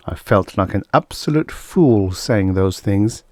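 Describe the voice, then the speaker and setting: A man reading a vintage science fiction story aloud in steady first-person narration. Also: on the low side, a little slow, no echo, clean studio sound. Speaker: audiobook reader.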